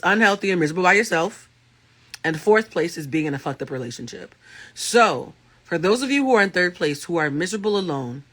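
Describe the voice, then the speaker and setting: A man with a thick, raspy voice speaks with a bright, cutting edge, pitched a little on the high side. He is a life coach and tarot reader talking casually to his livestream audience. He tells his stories with animation and swears freely. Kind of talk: casual livestream talk to viewers.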